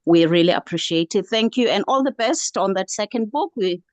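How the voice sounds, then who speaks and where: Casting: older woman, mid-pitched, dry sound, gushing with gratitude. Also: animated, a little fast, dry recording. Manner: effusive, thankful, repeats herself. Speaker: book club member. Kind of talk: online book club chat.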